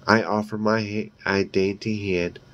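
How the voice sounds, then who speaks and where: A man reading a horror novel aloud in a slow, deliberate way, with brief asides of his own. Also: fairly low pitch, flat delivery, a bit bright, dull audio. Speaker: reader.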